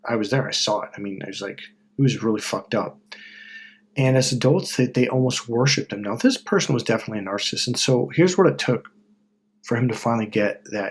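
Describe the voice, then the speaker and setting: In a self-help video, a middle-aged host delivers a blunt, swear-heavy monologue, switching to loud mocking impressions when he quotes people. His voice is medium-pitched and slightly rough, and he talks fairly quickly.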